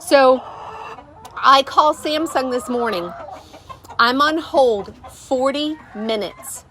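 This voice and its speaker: A woman's voice: high voice, expressive, slow, bright, forceful tone, a little hiss or hum. A middle-aged woman, hosting a vlog and telling a rambling story with many fillers. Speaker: vlogger, channel host. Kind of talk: casual storytelling to camera. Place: rural homestead, outdoors.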